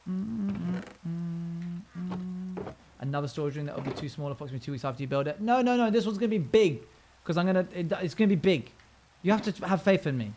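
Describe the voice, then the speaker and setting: Background noise sits under a slightly high male voice that races along very fast with lively intonation. It's casual live-stream chatter during a game: he answers viewers by reading their comments and hums tunelessly, scatting as he builds.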